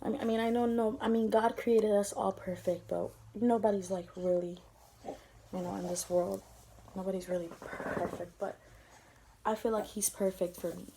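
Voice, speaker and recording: A woman's voice: mid-range voice, fairly even intonation, normal speed, mellow, a little hiss or hum. A young woman vlogger telling an emotional story, tender and rambling, teary-eyed as she talks.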